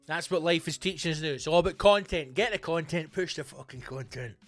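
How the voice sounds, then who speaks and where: A man's voice: a little high, fairly quick, dry recording, faint music behind. Sweary man ranting. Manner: sweary, sardonic, mimics voices. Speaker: podcast host. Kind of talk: profane rant.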